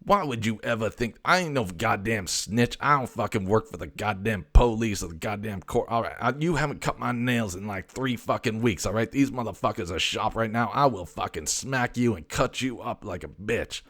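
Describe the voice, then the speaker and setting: A man's voice: on the low side, animated, moderate pace, few pauses, a bit bright. A man voicing a brash, foul-mouthed male house cat who swaggers, stammers and swears constantly. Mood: boastful. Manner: swaggering, profane, rambling with stammers.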